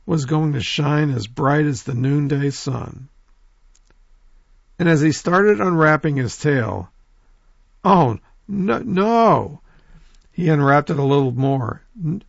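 A man telling a folk tale in a lively oral storytelling manner, talking straight to his listeners. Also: a little high, gravelly, no room sound, muffled recording. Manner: lively, animated, addresses listeners directly.

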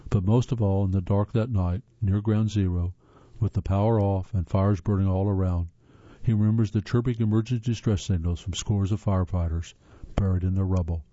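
Dark-voiced man reading aloud. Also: low-pitched, fairly even intonation, fairly quick, no room sound. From northern United States. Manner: earnest read-aloud delivery, occasional stumbles and restarts. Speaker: host reading articles aloud. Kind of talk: reading aloud with spoken asides. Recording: slightly dull lo-fi sound.

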